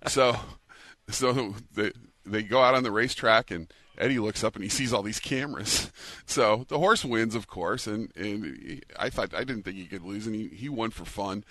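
A man's voice: on the low side, moderate pace, bright, forceful tone, no echo. A man co-hosting a radio show, telling stories casually and laughing along. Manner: anecdotal, laughs as he tells stories. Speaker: radio co-host and racehorse owner. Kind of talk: casual storytelling chat.

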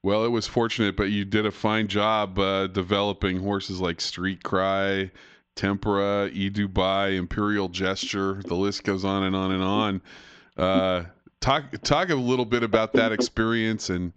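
A man with a lowish, clean, resonant voice hosts an interview. His sound is close and dry, with no room echo. He leads in hesitantly with fillers and laughs readily at his guest's stories. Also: flat delivery, unhurried, fairly bright tone, clear, resonant tone, highs cut off. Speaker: interview host. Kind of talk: interview conversation.

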